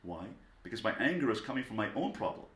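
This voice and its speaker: A low-pitched man teaches parents in a calm, measured lecture, leaning on key words. His voice rings in a noticeably echoey room. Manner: calm and deliberate, stressing single words.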